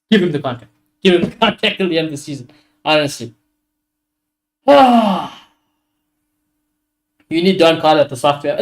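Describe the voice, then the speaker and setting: A man's voice: fairly high pitch, lively intonation, normal speed, pauses often. A young man, ranting animatedly and swearing as he hosts a casual football watchalong stream. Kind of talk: casual live-stream chat.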